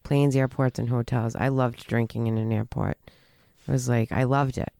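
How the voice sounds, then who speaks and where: A woman shares her own story in conversation, earnest and halting, often restarting her sentences. Her voice is smooth and resonant. The sound is dry and close. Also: very deep voice, fairly even intonation, dark tone, dry recording. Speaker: guest telling her recovery story.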